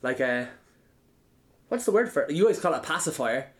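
A man's voice: fairly high pitch, very animated, brisk. An Irish man hosting a podcast in casual chat, joking and swearing freely. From Ireland. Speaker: podcast host.

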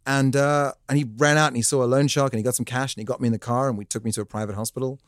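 A man, a podcast guest telling a comic story in a jokey, animated way. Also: medium pitch, very fast, no room sound, studio quality. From South Africa. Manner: animated, jokey, acts out voices in his stories. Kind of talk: comic storytelling in casual chat.

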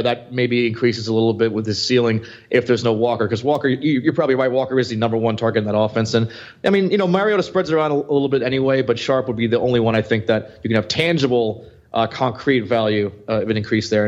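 A man's voice: medium pitch, steady tone, quick pace, a little mellow. A man co-hosting a fantasy football podcast, rambling with many restarts. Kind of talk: casual sports chat. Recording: slightly muffled audio.

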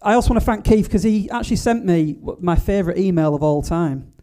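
A man's voice: high-pitched, fast talker, dark tone. A man hosting a live podcast event before an audience, chatty and loose, with frequent fillers and restarts. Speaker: podcast host.

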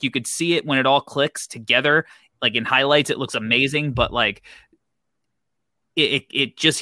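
A man's voice: medium pitch, pushed and bright, no room sound, studio quality. A man talking casually as a basketball draft analyst on a streamed show, rambling with lots of fillers. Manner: rambling, lots of "like" and "you know". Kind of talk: casual podcast chat.

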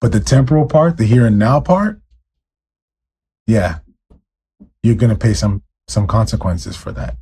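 A male pastor delivers a sermon in a husky, mellow voice. He preaches fervently and talks straight to his listeners, stacking up rhetorical questions to press his point. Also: on the low side, expressive, unhurried, long pauses. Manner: admits to ranting, addresses listeners directly.

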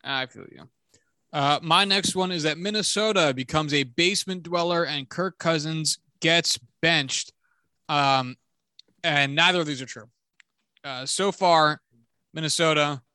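Casting note: man co-hosting a sports podcast, bright and slightly high voice, joking, self-deprecating. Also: unhurried, clear, resonant tone, no room sound, studio quality. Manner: chatty, self-deprecating, joking trash talk. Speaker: podcast co-host. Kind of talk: casual sports chat.

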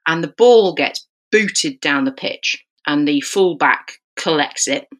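A woman, a rugby referee, telling a podcast anecdote in an animated way and acting out the dialogue. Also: low voice, slow pace.

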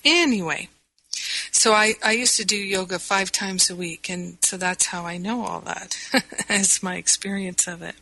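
Slow, bright-voiced woman teaching reflectively. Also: medium pitch, gravelly, no echo, low-quality recording. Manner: reflective, meandering, earnest. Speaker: spiritual teacher and podcast host.

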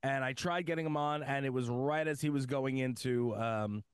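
A man's voice: medium pitch, moderate pace, clean tone, no room sound, studio quality. A man from the US East Coast co-hosting a podcast in casual chat, rambling and joking about himself. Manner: rambling, self-deprecating, joking. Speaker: podcast co-host.

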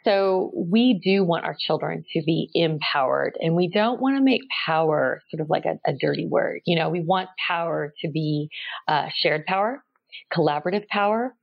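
A woman guest on an interview explaining parenting tips in a calm, measured, gently explanatory way. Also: sits low, vocal fry. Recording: slightly dull lo-fi sound.

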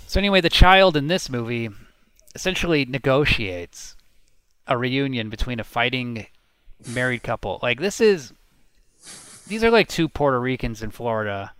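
A man with a clear, resonant voice holds forth on a movie in casual podcast chat. He is blunt and opinionated and swears without a second thought. The sound is dry and close. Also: mid-range voice, expressive, normal speed, fairly bright tone, no echo. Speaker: podcast co-host.

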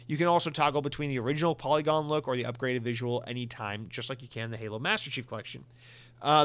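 A man's voice: medium pitch, no room sound. Chatty, joking male podcast host. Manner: chatty, joking, animated asides. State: out of breath. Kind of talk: solo gaming news podcast.

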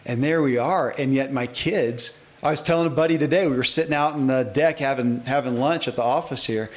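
A man's voice: medium pitch, a little fast. A man in his forties hosting a podcast interview, talking in an emphatic, rambling way with frequent restarts. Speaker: podcast host. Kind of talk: casual interview chat.

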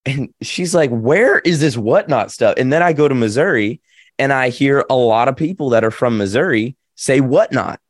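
A man's voice: medium pitch, moderate pace, dry recording, clean studio sound. A young man from Nashville with a light Southern accent, chatting and joking as an interview guest on a video call. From Nashville, Tennessee. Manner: chatty, joking, animated storyteller. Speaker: actor and musician, interview guest.

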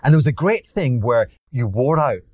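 A man's voice: medium pitch, animated, moderate pace, a little mellow, no room sound. A Glaswegian man from Scotland, an investor guest telling stories in a casual interview, rambling with many repeats and restarts.

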